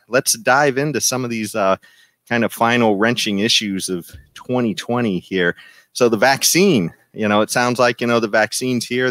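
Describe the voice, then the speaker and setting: Laid-back low-voiced male podcast host. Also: a bit bright, no echo. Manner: laid-back, loose, with many fillers and chuckles. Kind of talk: casual panel discussion.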